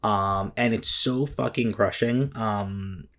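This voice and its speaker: A man with a fairly low voice talks through his thoughts in a loose, unscripted vlog. He rambles, restarts his sentences and fills gaps with ums. He swears now and then and sounds openly moved. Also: fairly even intonation, takes it slowly, fairly bright tone. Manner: rambling and emotional, many fillers and restarts, swears. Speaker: vlogger reviewing a comic chapter. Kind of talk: casual spoken commentary.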